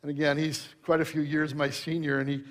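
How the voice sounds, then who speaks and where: A man's voice: a little high, little pitch movement, brisk, fairly bright tone. A middle-aged male pastor preaching a sermon, telling anecdotes in a conversational way and rising to emphatic preaching.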